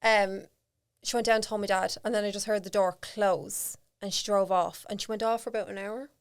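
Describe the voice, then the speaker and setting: A woman's voice: medium pitch, brisk, clean tone. Irish woman telling her story. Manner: animated, acts out quoted voices, laughs often. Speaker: podcast guest. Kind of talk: candid storytelling in casual chat.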